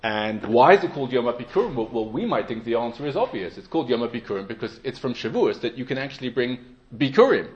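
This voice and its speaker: A man delivers a Torah lecture at a medium pitch, measured and explanatory, with sudden emphatic stresses. The sound is slightly dull and lo-fi. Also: sing-song. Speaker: Torah teacher.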